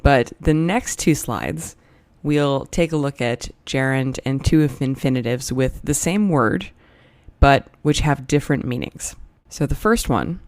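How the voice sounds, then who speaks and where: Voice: mid-range voice, darkish tone, no echo. An English grammar teacher narrating a recorded lesson over slides, explaining step by step and reading example sentences aloud.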